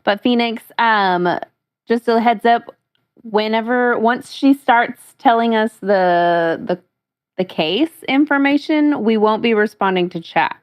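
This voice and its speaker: A podcast co-host chats casually on a stream in a slightly high, smooth voice, speaking slowly. She's talkative and full of hesitant fillers.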